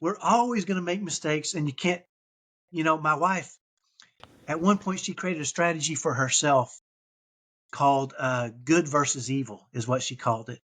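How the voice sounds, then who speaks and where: Podcast guest: husky, fairly high-voiced man in his fifties, earnest and conversational. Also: normal speed, fairly bright tone. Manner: earnest, tags points with "right?".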